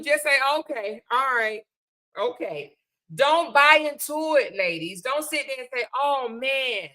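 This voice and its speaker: A woman's voice: high voice, bright, forceful tone. A middle-aged woman hosts a live stream, giving sassy, preachy advice and calling her viewers honey and child. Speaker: livestream host. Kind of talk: casual live-stream chat.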